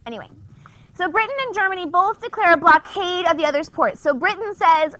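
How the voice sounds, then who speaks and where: A woman's voice: extremely high pitch, animated, a little fast, pushed and bright, dry recording. Chatty, wry woman teaching history. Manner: chatty, wry, conversational with rhetorical questions. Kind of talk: classroom lecture. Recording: dull lo-fi classroom recording.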